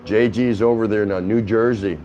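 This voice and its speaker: A man's voice: lowish voice, fairly even intonation, moderate pace, mellow, lo-fi sound, a little hiss or hum. A man hosting a casual livestream from his home, chatting with viewers, greeting them by name and laughing often. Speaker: livestream host.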